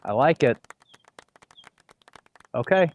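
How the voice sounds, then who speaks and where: A man's voice: medium pitch, expressive, takes it slowly, lo-fi sound. A man co-hosting a golf livestream, casually chatting and explaining course details while playing outdoors.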